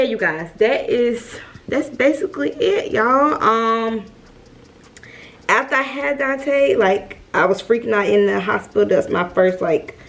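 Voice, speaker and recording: Woman, mom vlogger, casual storytime, chatty, talks to viewers, mid pitch. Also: fairly bright tone. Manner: chatty, talks straight to viewers with lots of fillers.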